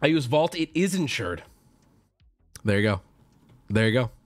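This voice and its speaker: A man streaming casually and answering his chat, excitable, swearing freely and jumping into loud outbursts. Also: medium pitch, moderate pace, soft background music. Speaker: streamer opening card packs.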